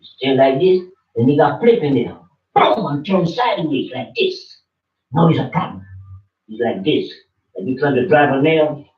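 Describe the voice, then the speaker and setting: A man's voice: on the high side, animated, normal speed. A man preaching informally in blunt, slangy, confrontational talk to a listener. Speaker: religious teacher. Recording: distant, roomy, dull audio.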